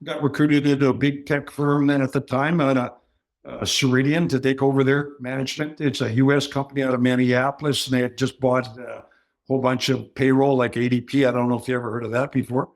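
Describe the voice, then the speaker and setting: A man's voice: mid-range voice, fairly quick. Jokey storyteller man in his sixties. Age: 60s. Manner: jokey, animated storyteller acting out quoted voices. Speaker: podcast guest. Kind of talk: casual storytelling.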